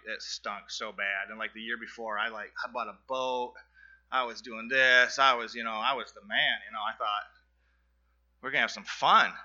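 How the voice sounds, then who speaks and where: A middle-aged man nervously giving a personal testimony in front of his church congregation, halting and earnest, with many fillers and restarts. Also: medium pitch, sharp tone, dull audio. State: nervous, sweating.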